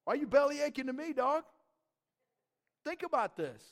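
Guy doing god as a blunt impatient dude, high voice. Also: animated, normal speed. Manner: blunt, slangy.

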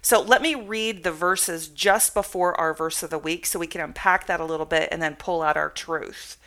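Bright-voiced woman teaching the Bible. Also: on the low side, moderate pace. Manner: reads scripture aloud, then explains it conversationally.

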